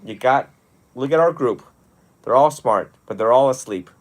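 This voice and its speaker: A young adult man, a monastic teacher, talking one on one in a lively storytelling way with frequent laughs. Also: medium pitch, normal speed. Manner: animated storytelling, often laughing. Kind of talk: one-on-one mentoring talk.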